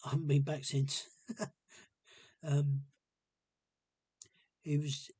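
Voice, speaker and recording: A man talking casually to camera in a hesitant, rambling and subdued way, with a gravelly, husky voice. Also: a little high, flat delivery, very slow, mellow, no room sound. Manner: hesitant and rambling, many ums. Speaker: vlogger. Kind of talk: casual personal monologue.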